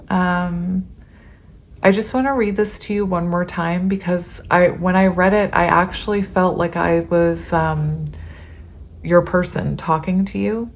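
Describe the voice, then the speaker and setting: A woman's voice: fairly low pitch, steady tone, measured pace, creaky. Chatty, emotional tarot-reading woman. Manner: chatty and emotional, reading aloud with many ums. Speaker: tarot reader.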